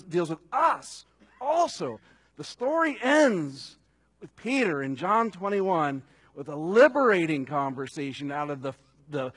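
A man preaching a sermon at an evening service, earnest, building to strong emphasis and then dropping to a hushed, intimate tone. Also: on the high side, no echo. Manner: earnest, swings between raised emphasis and quiet intimacy.

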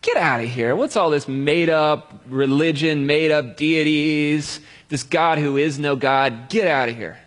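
A man voicing a haughty, dismissive Egyptian pharaoh as he retells a Bible story, with drawn-out, scornful retorts. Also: fairly high pitch, in a large hall, close to an everyday voice.

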